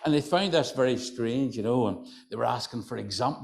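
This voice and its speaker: An older man with a County Antrim accent telling folk yarns to a live room. He chats and teases, peppering everything with "you know". His voice sits at an ordinary mid pitch. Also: quick pace, gravelly, a little mellow. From County Antrim, Northern Ireland. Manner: chatty, teasing, lots of "you know". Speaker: folklorist storyteller. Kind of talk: live humorous storytelling. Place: hotel function room.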